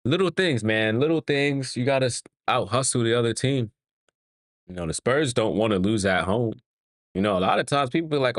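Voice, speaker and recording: A man hosts a live fan watch-along and calls the game play by play. He is excitable, talks straight at the players and his chat, and laughs often. His voice sits in a middle range and sounds dry and close to the mic. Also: medium pitch, brisk, dry recording. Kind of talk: casual live play-by-play commentary.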